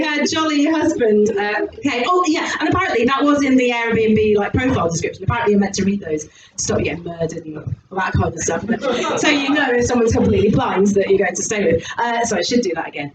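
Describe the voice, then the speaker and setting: A woman comedian tells crude stories on stage, giggling as she goes. Her voice is high and swoops widely up and down. The sound is echoey and distant, with noise in the room. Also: fairly quick, dull audio. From Somerset, England. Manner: animated, giggly, crude storytelling. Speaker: stand-up comedian. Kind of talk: stand-up comedy set.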